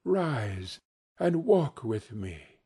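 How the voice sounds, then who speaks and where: A man voicing a gentle, solemn male ghost who speaks mildly and with measure in a storybook reading. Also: mid-range voice, sing-song, breathy edge, full character voice. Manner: mild, measured.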